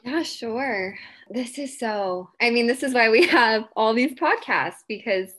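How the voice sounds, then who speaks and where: A woman guest on a podcast, speaking casually and thoughtfully, often pausing to restart her sentences. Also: on the high side, expressive, a bit bright, slightly rough. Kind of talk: casual conversation.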